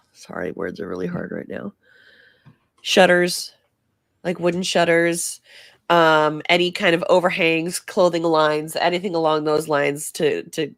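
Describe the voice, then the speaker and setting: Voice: mid-range voice, no room sound, studio quality. A player in a tabletop game, describing actions in a rambling, hesitant way full of fillers.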